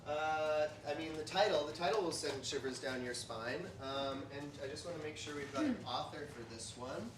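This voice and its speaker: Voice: mid-range voice, expressive, normal speed, few pauses. A host narrating a children's story at a live theatre event, playful and hamming up the spooky parts. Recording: echoey room, distant mic, noisy.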